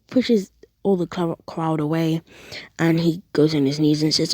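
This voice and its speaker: A woman's voice: sits low, moderate pace, a little mellow, slightly rough, dry recording. A woman casually retelling an improvised story, rambling along with fillers and strings of "and then.".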